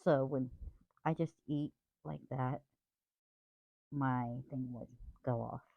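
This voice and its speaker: A woman's voice: extremely low pitch, fairly even intonation, slow, vocal fry, no room sound. A woman craft vlogger rambling in a casual, apologetic chat about her week. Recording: tinny phone-like dry sound.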